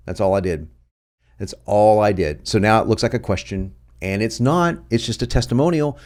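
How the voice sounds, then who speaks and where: Middle-aged male instructor, lively pitch, chatty and quick to laugh. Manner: animated, laughs often, restarts sentences. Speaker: copywriting teacher. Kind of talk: casual screen-share lesson.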